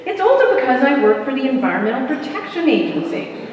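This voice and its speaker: A woman in her fifties from the American South, giving a measured, deliberate talk as a panel speaker in a church, pausing for emphasis. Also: sits high, sing-song, over a noisy crowd. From American South, North Carolina. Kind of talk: prepared talk at a church program. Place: large church hall. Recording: dull echoey hall recording from far off.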